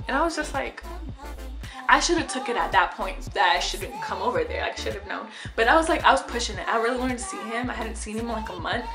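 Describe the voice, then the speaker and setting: A young woman in a casual storytime vlog, chatty and animated, swearing freely. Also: on the high side, brisk, echoey room, music in the background. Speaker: vlogger.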